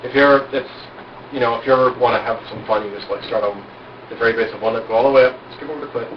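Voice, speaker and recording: A man gives a small group informal pointers at an outdoor cookout, frank and bragging, leaning on rhetorical questions. His voice is medium-pitched and fairly even, and he talks quickly. The amateur audio is roomy, far off and muffled, with slight hiss or hum.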